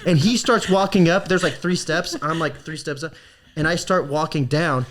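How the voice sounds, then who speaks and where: A man's voice: on the high side, moderate pace. A man in his thirties, a stand-up comedian guesting on a podcast, telling a story casually with laughs and plenty of swearing. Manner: animated, laughing, swears freely.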